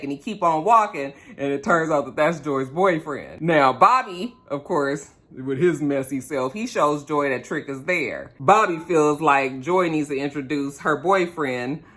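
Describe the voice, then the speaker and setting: Woman vlogger, bright and punchy tone, casual profane recap with lots of sass. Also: deep voice. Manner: chatty, profane, sassy, with quick asides to viewers. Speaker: reality TV recap host.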